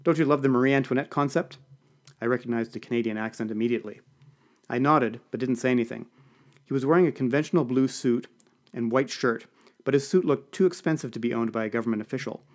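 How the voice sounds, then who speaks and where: A man's voice: medium pitch, quick pace. A man narrating an audiobook in the first person, dry and wry.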